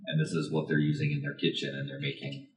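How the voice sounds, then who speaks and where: Deep-voiced rambling man. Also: monotone, fast. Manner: rambling, hesitant storytelling with many fillers. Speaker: podcast co-host. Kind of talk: casual chat.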